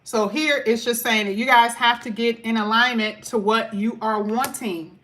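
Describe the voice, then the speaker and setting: A woman's voice: on the high side, steady tone, moderate pace, a bit bright, slight background noise. A woman talking casually through a tarot card reading. She is chatty and emphatic and stretches out key words. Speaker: tarot reader.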